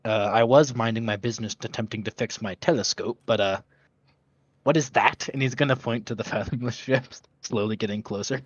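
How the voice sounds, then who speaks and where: A man's voice: fairly low pitch, steady tone, fairly quick, few pauses, dry recording. Quizzical man in a dull, dry recording. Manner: quizzical, slips into his character's questions. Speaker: player. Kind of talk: tabletop role-play, narrating his character.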